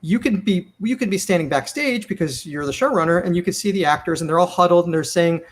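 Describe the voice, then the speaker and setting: Animated high-voiced male showrunner. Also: fast talker. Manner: animated, acts out quoted lines. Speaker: TV comedy writer and showrunner. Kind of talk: casual storytelling interview.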